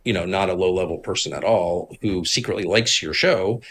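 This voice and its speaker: A middle-aged man from Washington, D.C., a guest telling stories in a candid conversation, moving between low asides and emphatic outbursts. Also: a little fast, a bit bright, slight background noise.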